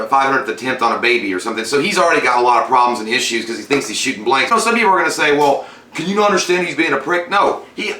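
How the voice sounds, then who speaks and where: A man's voice: mid-range voice, sharp tone, echoey room, rough recording. A man co-hosting a casual recap chat, heated and swearing often, acting out scenes. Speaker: podcast co-host reviewing a TV episode.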